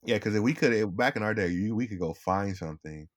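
Young male podcast co-host, very low voice, loose and rambling delivery. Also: fast. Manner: rambling, restarts often, laid-back. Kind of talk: casual chat.

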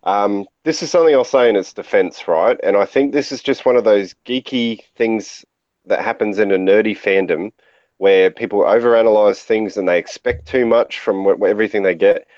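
A man's voice: on the low side, normal speed, darkish tone, no echo, highs cut off. A man co-hosting a podcast, talking through his opinions in a rambling way with lots of fillers. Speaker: podcast co-host. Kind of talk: casual chat.

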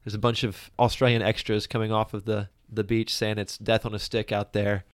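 A man's voice: fairly low pitch, level tone, a little fast, heavy background noise. A man co-hosting a casual movie review podcast, chatting, laughing often and acting out characters' lines. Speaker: podcast co-host.

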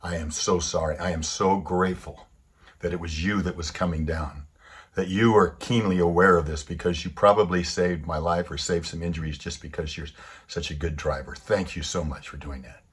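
A man voicing a calm, apologetic woman driver who speaks softly and gently. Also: low voice, moderate pace, breathy edge, pitched below the performer's own voice.

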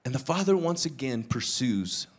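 A man preaching a sermon, retelling a parable with lively acted-out dialogue and casual asides. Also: moderate pace, breathy edge. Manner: animated storytelling, acts out dialogue with shifting pitch. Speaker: pastor.

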